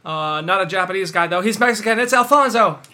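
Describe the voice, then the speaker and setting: A man's voice: high-pitched, quick pace, pushed and bright. A man hosting a podcast in casual chat, laid-back and often saying "you know". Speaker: podcast host.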